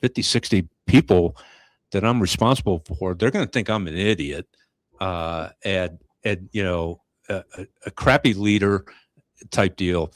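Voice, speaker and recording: A middle-aged man hosting a podcast, talking in a reflective, halting way with many restarts. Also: sits low, dry recording, clean studio sound. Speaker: podcast host. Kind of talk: casual chat.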